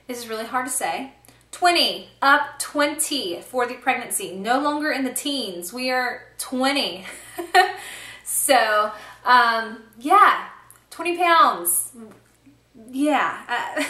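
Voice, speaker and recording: A woman speaks with a fairly high, sharp-toned voice in an echoey room. She's a pregnant vlogger chatting casually on a handheld camcorder in a small home nursery, sprinkling her talk with ums and little laughs.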